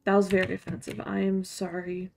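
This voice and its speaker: A woman's voice: mid-range voice, completely flat delivery, a little fast, creaky, a little hiss or hum. A woman streamer giving casual, rambling gameplay commentary with a chatty, self-mocking way of talking.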